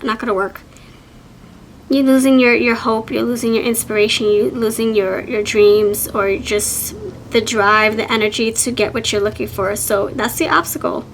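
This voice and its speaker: A woman with a somewhat high voice reads tarot cards for her viewers in a loose, chatty way. She is enthusiastic and encouraging, often restarting her sentences as she talks. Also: slight background noise. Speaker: tarot reader. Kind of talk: casual tarot reading to camera.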